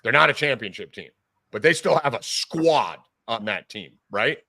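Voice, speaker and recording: A man hosting a sports podcast, ranting loudly and emphatically with lots of swearing in a heated argument. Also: mid-range voice, lively intonation, normal speed, gravelly, no room sound, clean studio sound. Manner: loud, profane, emphatic ranting. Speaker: podcast host.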